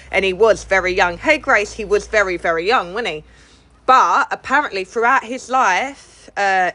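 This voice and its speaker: A woman's voice: mid-range voice, pushed and bright. A middle-aged woman, chatting and gossiping with viewers on a livestream from outdoors, greeting them by name. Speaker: livestream host. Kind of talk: casual chat to viewers. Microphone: phone.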